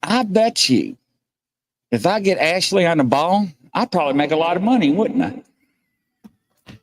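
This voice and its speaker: A man's voice: on the high side, big pitch swings, a little slow. A man hosting a casual livestream, rambling and joking as he reads chat comments aloud and greets viewers. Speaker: host.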